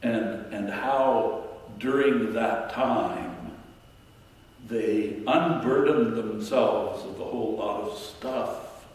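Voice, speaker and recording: Slow, reflective preacher in an echoey church. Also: male voice, on the low side, darkish tone. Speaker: minister. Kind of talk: sermon. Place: church sanctuary. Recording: echoey church hall from far off.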